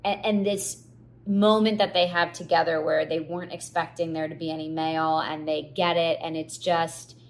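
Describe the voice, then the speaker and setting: A woman's voice: sits low, steady tone, normal speed. A woman hosting her own podcast in a casual, chatty solo talk, full of "like" and restarts, getting teary as she tells it. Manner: chatty, filler-heavy, gets teary and laughs at herself. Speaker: podcast host.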